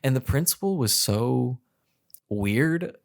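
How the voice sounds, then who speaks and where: A man's voice: mid-range voice, animated, takes it slowly, gravelly, dry recording. A young man on a podcast, telling a story from his childhood in a loose, rambling way with lots of fillers and restarts. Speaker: podcast co-host. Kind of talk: casual storytelling.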